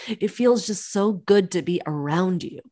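A woman's voice: lowish voice, lively intonation, measured pace, mellow. A young adult woman hosting a solo podcast on business, chatty and encouraging, calling her listeners friends. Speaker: podcast host, business coach.

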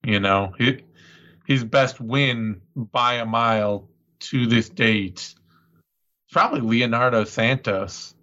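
A man's voice: mid-range voice, slow, sharp tone. A man co-hosting a podcast, chatting casually about fights and reading out betting odds. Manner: conversational, runs the betting odds. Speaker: podcast co-host. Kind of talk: casual sports chat. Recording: slightly dull lo-fi audio.

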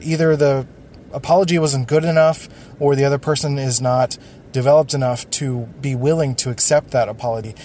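A man's voice: medium pitch, darkish tone, a little hiss or hum. A man hosting a solo podcast, thinking aloud and rambling with many fillers and restarts. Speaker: podcast host.

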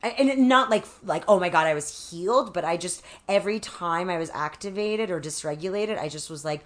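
A woman's voice: lowish voice, a little fast. Frank woman guest, lots of "like". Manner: frank, heavy use of "like", acts out quoted voices. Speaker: podcast guest, author. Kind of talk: candid interview conversation.

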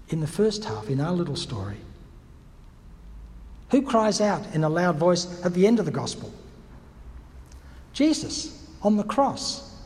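High-voiced man preaching in a reverberant hall. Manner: reflective, teacherly, with restarts and rhetorical questions. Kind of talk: sermon.

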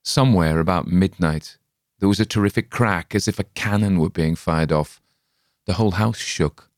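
A man narrating a gothic story in a measured, dramatic reading. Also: low-pitched, no room sound, studio quality. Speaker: audiobook narrator. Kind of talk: scripted narration.

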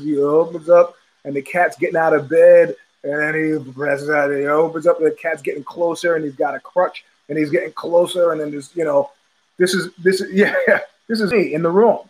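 A man's voice: a little high, slightly rough, low-quality recording. A man hosting a podcast, telling a casual rambling story with many restarts and repetitions. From United States. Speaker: podcast host.

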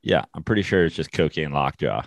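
A man's voice: rumbling low, animated, fairly quick, gravelly, dry recording. A man co-hosting a casual sports podcast, sarcastic and joking. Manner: sarcastic, joking, does mocking voices. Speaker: podcast co-host.

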